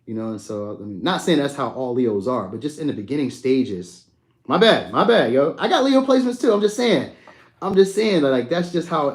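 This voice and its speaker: A young adult man talks loosely and easily on a live stream, picking up viewers' comments as they come in. His delivery is relaxed and slangy, with a friendly back-and-forth feel. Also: a little high. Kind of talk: casual live chat reading comments.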